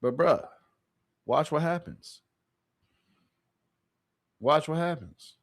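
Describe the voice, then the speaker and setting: A man's voice: fairly high pitch, animated, slow, no room sound, clean studio sound. A man streaming live sports reactions, emphatic and repeating his points for emphasis. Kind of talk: casual livestream sports reaction.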